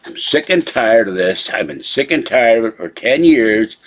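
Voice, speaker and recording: A man's voice: mid-range voice, lively intonation, normal speed, few pauses. A man hosting his own channel, talking casually at his computer and complaining at length in an irritated, rambling way. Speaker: channel host. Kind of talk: casual live video rant.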